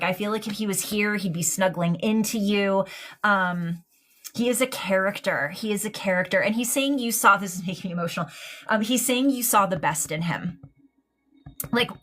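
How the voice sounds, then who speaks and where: A woman's voice: mid-range voice, fairly bright tone. A woman giving a live-streamed mediumship reading, affectionate and hesitant, full of ums and likes. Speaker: psychic medium.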